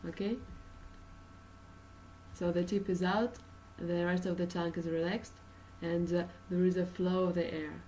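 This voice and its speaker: A woman's voice: lowish voice, level tone, a little slow, dark tone, recorded from a distance, slight background noise, poor audio. A woman from Russia with a Russian accent, teaching an English pronunciation lesson with many uh and um fillers and patient explanations.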